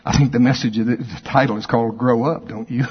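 A man preaching a sermon as pastor, lively and conversational, acting out both sides of imagined exchanges with his listeners. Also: mid-range voice, quick pace, breathy edge, lo-fi sound.

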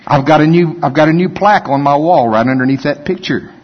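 This man is a pastor with a voice on the high side who talks fast. His conversational sermon includes jokes and acted-out whiny voices, captured in a dull-sounding recording with long hall reverb.

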